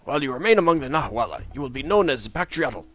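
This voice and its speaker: A man's voice: medium pitch, sing-song, quick pace, a bit bright, no echo. Man musing through a game. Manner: musing, hesitant, lots of uhs. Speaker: let's player. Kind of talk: casual gameplay commentary.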